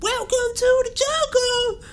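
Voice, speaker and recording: A man doing a mocking impression of a male rock singer, in a high strained falsetto wail. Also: steady tone, slow pace, fairly bright tone, heavily acted.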